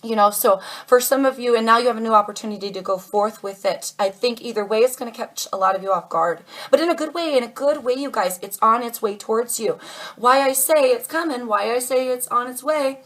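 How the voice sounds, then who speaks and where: A woman's voice: a little high, brisk, a bit bright, poor audio. Chatty woman giving a tarot reading. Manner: chatty, calls viewers darlings, channels spirit messages. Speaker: tarot reader. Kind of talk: casual tarot reading to camera.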